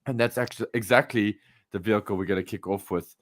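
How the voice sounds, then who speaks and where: A man's voice: on the low side, steady tone, fast. A South African man co-hosting a podcast chat, enthusiastic and steering the talk between topics. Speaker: podcast co-host.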